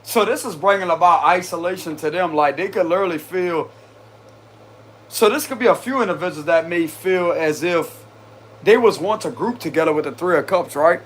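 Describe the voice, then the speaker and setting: A man with a high voice speaks at a moderate pace during a casual tarot reading. He's chatty and slangy, speaks directly to his viewers, and often laughs.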